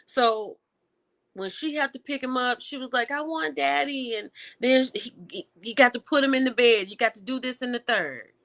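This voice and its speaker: A woman hosting a livestream, chatting casually with her viewers and reacting with lively exclamations. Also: on the high side, normal speed. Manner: animated and expressive, with exclamations; talks to viewers directly, reading and answering chat. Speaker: livestream host reviewing TV and film.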